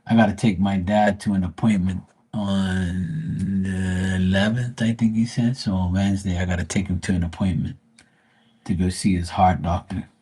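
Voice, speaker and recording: A man hosts a live stream in loose, casual chat, telling family stories with swearing and a rambling flow. His voice sits low and has a husky edge. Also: flat delivery, normal speed, dark tone. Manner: rambling, profane storyteller.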